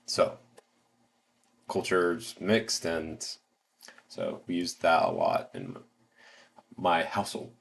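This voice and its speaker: A man's voice: deep voice, sing-song, slow, gravelly, pauses often, slight background noise. A man with an American accent hosting a casual livestream, rambling with lots of fillers and restarts. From United States. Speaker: livestream host.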